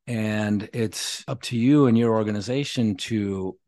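A man's voice: on the low side, measured pace, a little mellow. A man hosting a leadership podcast, affirming his guest in a conversational way and often restarting and repeating his phrases. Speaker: podcast host.

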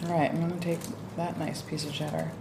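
A woman's voice: low-pitched, little pitch movement, quick pace, vocal fry. A woman co-hosting a podcast in casual chat, talking while she eats in a small home kitchen. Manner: chatty, talks while eating, with mouth full. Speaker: podcast co-host. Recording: echoey room with faint ambient noise.

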